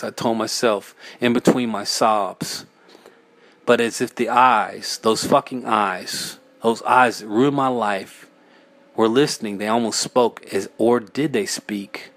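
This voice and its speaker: A man reading his own first-person horror story aloud, frantic, sometimes breaking into yells. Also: medium pitch, fairly even intonation, measured pace, dry recording.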